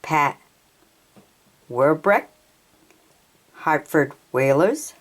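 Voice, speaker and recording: Slow, low-voiced woman reading out cards. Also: expressive. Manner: reads names haltingly, stumbles on pronunciations. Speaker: hockey card collector. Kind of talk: slow read-out of trading cards.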